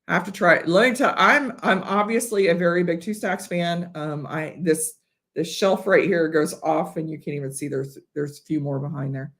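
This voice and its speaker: A woman's voice: on the low side, a bit bright. A woman from Ohio hosting a casual whiskey livestream, chatty and rambling with fillers and restarts, a bit tipsy. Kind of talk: casual live-stream chat. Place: home studio.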